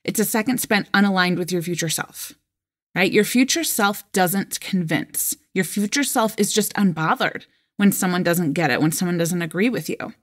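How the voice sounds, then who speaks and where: A woman in her thirties hosting a solo coaching podcast, talking casually and animated, acting out quoted voices with frequent laughs. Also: lowish voice, normal speed. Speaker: life coach and podcast host.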